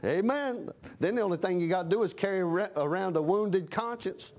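A middle-aged preacher delivers a homespun sermon in a notably high voice, punctuating his points with amens. He slips into the voices of the people he describes and hammers each point with plain country talk. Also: brisk, a little mellow. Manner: folksy preaching with frequent amens, acts out voices. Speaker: pastor.

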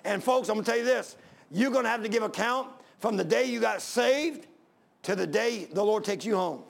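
A man preaching with a strongly gravelly, fry-heavy voice that sits high for a man. He tells his story fervently and climbs into emphatic pleas. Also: moderate pace. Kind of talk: sermon with personal story.

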